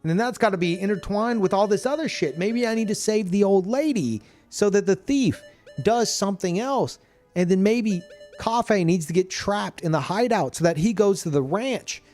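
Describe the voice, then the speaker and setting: A man streamer chatting casually about a video game, animated and profane, laughing often. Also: sits high, moderate pace, faint music behind.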